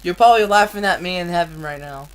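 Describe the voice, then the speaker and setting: A woman reading a novel aloud on a live stream, earnest and deliberate, with blunt, profane asides between passages. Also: lowish voice, clear, resonant tone, poor audio. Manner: slow, earnest reading with frequent swearing in asides.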